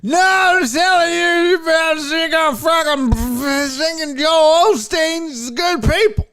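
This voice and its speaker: A man voicing a loud, belligerent drunk male heckler who shouts slowly from the back of a comedy club. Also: very high-pitched, voice pushed up, exaggerated voice.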